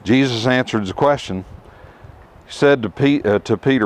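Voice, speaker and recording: Outdoors at some ruins, a middle-aged man teaches scripture to a tour group, speaking emphatically with rhetorical questions and dramatic pauses. His voice is mid-range.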